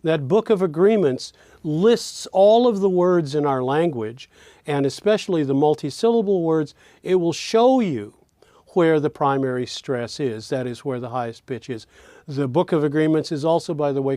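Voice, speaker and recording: Male teacher, slightly high voice, unhurried and demonstrative, repeats example words, dry close sound. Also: expressive, dark tone, no room sound. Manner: slow, demonstrative, repeats words to show their melody. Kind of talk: recorded lesson.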